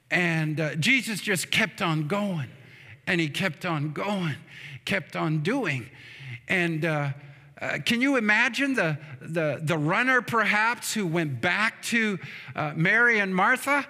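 A man's voice: sits high, slow, sharp tone. A man preaching a funeral sermon as pastor, telling the story and asking the congregation for amens. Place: church sanctuary. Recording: long church hall reverb.

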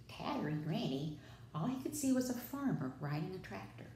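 A woman preschool teacher reads a children's story aloud with dramatic flair, her lowish voice rising and falling a great deal. The room is echoey, with a faint hiss underneath. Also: very animated, moderate pace, dark tone.

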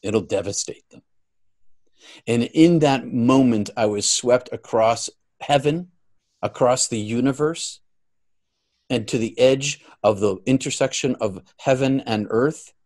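A man speaking as a guest, telling a personal story earnestly, swelling louder at the high points and dropping soft near the end. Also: unhurried.

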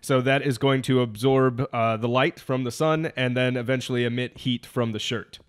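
A man's voice: medium pitch, steady tone, normal speed, clean tone. A man co-hosting a casual podcast, a chatty storyteller who explains things at length. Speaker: podcast co-host. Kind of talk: casual chat over beers.

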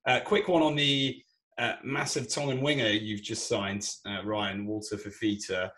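A man's voice: lowish voice, level tone, moderate pace, a bit bright. A man hosting a casual sports podcast, putting questions to his guests and steering the chat. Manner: asks questions to set up topics. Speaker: podcast host.

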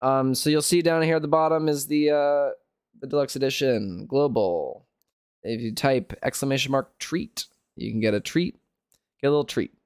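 A man's voice: mid-range voice, moderate pace, smooth, dry recording, studio quality. A man hosting a live game stream, chatting playfully and thanking viewers. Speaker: streamer host. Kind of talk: casual live stream chat.

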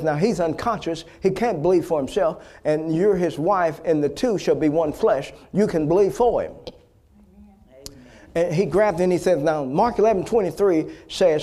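A male pastor preaching a fervent sermon, repeating phrases and building to loud exhortation. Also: a little high.

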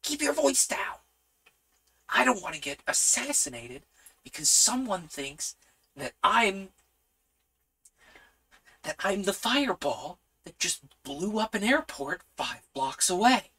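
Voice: medium pitch, big pitch swings, racing, few pauses, husky, voice pushed up, exaggerated voice, rough recording. A tabletop streamer voicing a nervous young man who hides a superhero identity, stammering and flustered. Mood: urgent hush. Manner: stammering, flustered, drops to a hush. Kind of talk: solo tabletop role-play storytelling.

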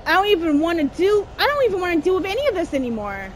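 A young woman giving let's play commentary on a horror game, exasperated and complaining, shouting at her character. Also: extremely high pitch, sing-song, fast, hardly any pauses, a little hiss or hum. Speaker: gamer playing a horror game.

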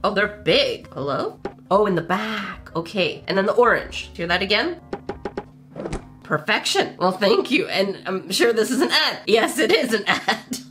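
A woman hosting a casual let's play of a mobile game, playful and expressive, with jokey asides to her viewers and big jumps in pitch. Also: unhurried, soft background music. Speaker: gaming channel host.

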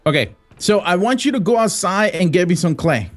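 Brief: young guy, high-ish lively voice, goofy co-op gaming chatter, faint music under. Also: fairly quick. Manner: goofy, excitable, laughs a lot. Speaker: gaming channel co-host. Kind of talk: casual gameplay banter.

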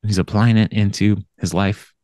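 A man's voice: on the low side, steady tone, normal speed, mellow, no echo, clean studio sound. A man co-hosting a podcast, casually recapping an episode in a rambling way, with lots of fillers and laughter. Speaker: podcast co-host.

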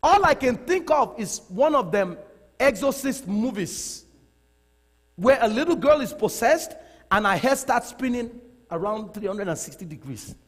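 High-voiced, animated male preacher. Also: unhurried. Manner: animated, laughing, repeats phrases for emphasis. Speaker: pastor. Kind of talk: sermon. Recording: long reverb of a large hall.

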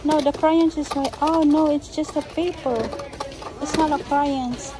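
High-voiced mom shopping in a noisy store. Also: female voice, fairly even intonation, a little slow. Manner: casual, coaxing her child along while shopping. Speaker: mother and vlog host. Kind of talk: casual family vlog chat. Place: inside a busy store.

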